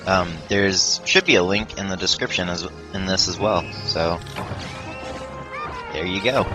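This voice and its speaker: Low-voiced man chatting over game music. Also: a little slow, low-quality recording. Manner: rambling, self-deprecating, frequent fillers and restarts. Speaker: let's play commentator. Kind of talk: casual gameplay commentary. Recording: game music playing under the voice.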